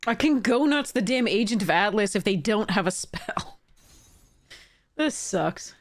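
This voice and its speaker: A woman commenting on her own card game, exasperated and swearing, with sudden high-pitched outbursts. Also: expressive, unhurried. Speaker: streamer playing a card game. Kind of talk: frustrated gameplay commentary.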